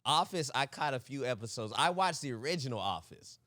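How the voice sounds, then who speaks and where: Man, podcast co-host, lively teasing delivery, dry close mic. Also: medium pitch, fairly quick, dry recording. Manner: teasing, laughs loudly. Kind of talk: casual banter.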